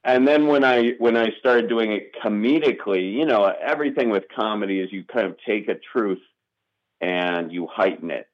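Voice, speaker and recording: A man's voice: on the low side, moderate pace, lo-fi sound. A man, a comedian guest chatting casually in an interview, rambling with frequent restarts. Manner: rambling, restarts often, self-deprecating.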